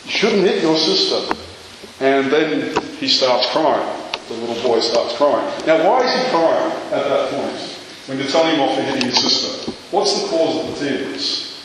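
A man's voice: medium pitch, expressive, unhurried. A man preaching a sermon, earnest and full of rhetorical questions that build to emphatic peaks. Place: church. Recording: very echoey church hall, faint noise.

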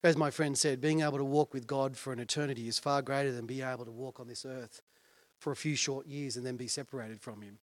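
A man's voice: medium pitch, steady tone, fast, no room sound. A male pastor preaching a sermon in an earnest, conversational way and putting questions to his listeners.

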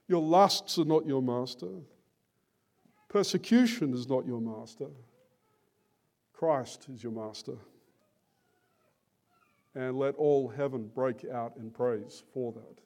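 A man preaching a sermon in an earnest, deliberate and emphatic manner. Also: medium pitch, darkish tone.

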